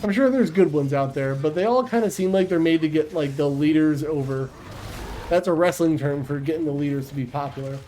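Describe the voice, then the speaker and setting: A man's voice: on the high side, a little fast, dark tone, a little hiss or hum, rough recording. A man chatting casually on a livestream, blunt and profane, rambling with restarts. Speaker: streamer.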